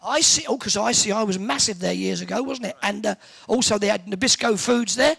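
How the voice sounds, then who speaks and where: A man's voice: sits high, creaky, a bit bright, husky. A man from Hertfordshire, hosting a live event and bantering cheekily with the audience in an indoor hall. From Hertfordshire, England. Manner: joking, teasing, quick with quips. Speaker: host working the audience.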